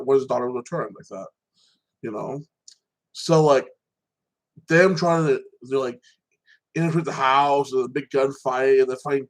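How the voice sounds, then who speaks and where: A male podcast host with a mid-range voice recaps TV episodes in a casual, rambling way. He restarts often and keeps tacking on "like that." The recording is low quality.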